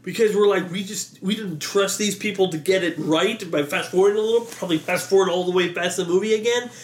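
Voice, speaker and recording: A man vlogger telling an animated, exasperated story, acting out a crowd yelling. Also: sits high, fast talker. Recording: echoey room.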